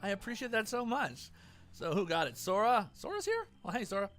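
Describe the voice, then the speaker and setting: A man's voice: high voice, huge pitch swings, fairly quick, fairly bright tone, faint music behind. A man streaming a game, chatting animatedly with viewers and reading game lines aloud. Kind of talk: live game stream commentary.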